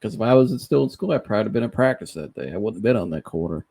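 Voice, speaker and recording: A man hosting a podcast, telling a funny story in a casual, animated way, laughing often and mimicking the people he quotes. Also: on the low side, racing, vocal fry, husky. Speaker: podcast host.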